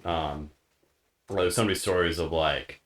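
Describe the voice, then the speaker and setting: A man's voice: low voice, fairly even intonation, normal speed, fairly bright tone. An Australian man talking in a rambling way on a casual podcast, saying "like" over and over. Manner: rambling, leans heavily on "like". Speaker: podcast co-host. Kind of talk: casual chat. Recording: roomy echo.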